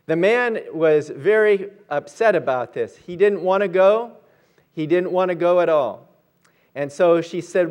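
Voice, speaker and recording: Male pastor, high-pitched, earnest sermon delivery. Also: a little slow, darkish tone. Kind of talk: sermon with prayer and storytelling.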